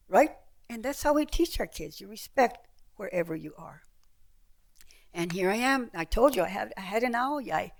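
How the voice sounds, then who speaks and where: Lively older woman telling stories. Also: mid-range voice, moderate pace. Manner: lively storyteller, acts out voices. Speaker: author giving a talk. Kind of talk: storytelling talk with slides. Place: heritage center event room with audience.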